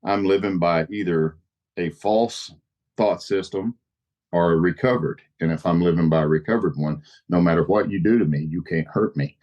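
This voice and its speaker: Podcast guest, male, deep register, earnest personal sharing with repeated phrases. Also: normal speed, a little mellow.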